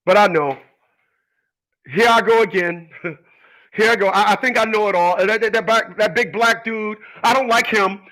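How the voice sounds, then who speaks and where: The audio is poor, and this man's voice is high-pitched and sharp at normal speed. On his own channel he gives opinions in a casual, rambling monologue, preachy and confrontational, repeating and restarting himself while arguing with people who aren't there.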